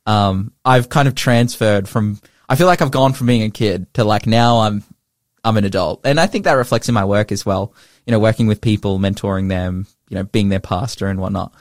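A man's voice: lowish voice, brisk, dry recording, clean studio sound. Earnest young man sharing emotional testimony. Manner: earnest and emotional, full of restarts and "like". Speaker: pastor. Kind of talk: heartfelt personal testimony in casual chat.

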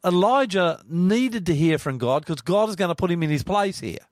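A man's voice: high-pitched, animated, moderate pace, no room sound, clean studio sound. A man hosting a radio Bible study chat, earnest and growing emphatic as he preaches. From Australia. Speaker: radio host.

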